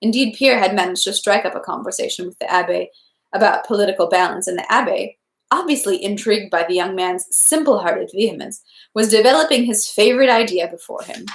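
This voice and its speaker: A woman's voice: medium pitch, a little fast. A woman reading a classic novel aloud, carefully, stumbling now and then over French words. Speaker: reader. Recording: echoey room.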